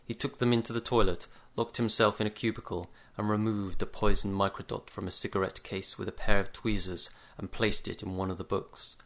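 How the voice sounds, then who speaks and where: A man narrating a comic short story in a dry, measured deadpan. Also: lowish voice. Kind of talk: story reading.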